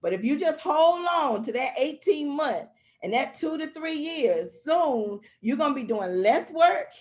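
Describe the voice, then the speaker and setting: A woman with a fairly high voice speaks as a guest in a motivational way. She talks with heartfelt emphasis and repeats herself to drive her points home. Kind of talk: motivational talk.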